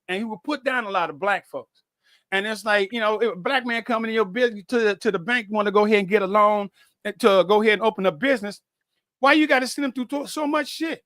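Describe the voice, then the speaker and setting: Bright, stammering outspoken man. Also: high voice, no echo, studio quality. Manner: stammering, profane, animated. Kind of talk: casual conversation.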